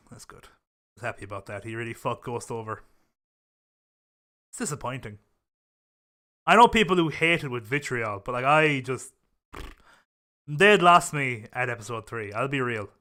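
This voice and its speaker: A man's voice: on the high side, sharp tone. A young man hosting a casual chat show, talking in a profane, rambling way full of fillers and restarts. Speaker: podcast host.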